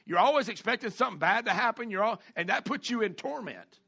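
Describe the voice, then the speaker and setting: Male pastor, high bright voice, folksy sermon delivery with call-and-response. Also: expressive, gravelly, slightly rough. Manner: folksy preaching with call-outs, repeats and drawn-out emphasis.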